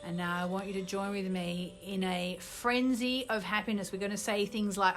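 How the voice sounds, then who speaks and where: A woman's voice: mid-range voice, fairly even intonation, fairly quick, few pauses, soft background music. British woman guiding a manifestation exercise. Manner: gently instructive, with bursts of loud ecstatic gratitude. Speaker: astrology teacher leading an online gathering. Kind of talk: guided manifestation exercise for a live online group.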